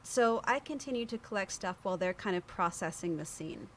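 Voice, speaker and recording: Briskly and in a mid-range voice, a woman on a podcast narrates a story from her life, bringing the people she quotes to life with their voices in animated talk. A little hiss or hum is audible.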